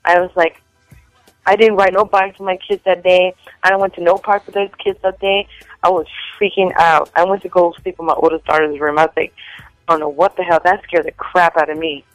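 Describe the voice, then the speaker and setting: A woman telling rambling stories in a casual chat, full of "like" fillers and animated quotes of other people. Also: lowish voice, brisk, no room sound, faint music behind, rough recording.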